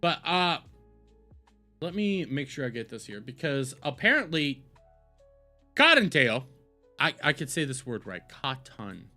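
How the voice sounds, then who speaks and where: A man talking casually as a streamer reacting to a video, excitable and profane, rambling and joking with his chat. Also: a little high, normal speed, faint music behind.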